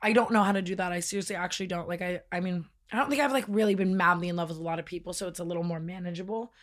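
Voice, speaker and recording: A young woman co-hosting a podcast in casual chat, rambling through stories with lots of "like" and laughter. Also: fairly low pitch. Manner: fast rambling storyteller, full of "like" and laughs. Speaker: podcast co-host.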